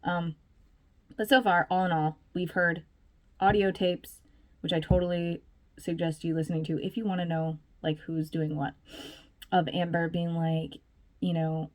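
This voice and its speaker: A woman's voice: fairly low pitch, level tone, a little slow, long pauses. A woman vlogger giving casual, chatty commentary, full of fillers and little laughs.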